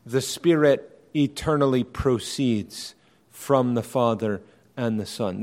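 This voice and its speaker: A man preaching an evening sermon, explaining doctrine in a measured, emphatic way and often rephrasing his points. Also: mid-range voice, darkish tone.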